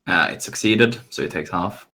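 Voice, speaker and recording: A man playing a tabletop game, talking slowly through his turn with many pauses and fillers. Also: deep voice, bright, forceful tone. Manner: slow, halting, with many fillers while planning moves. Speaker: player.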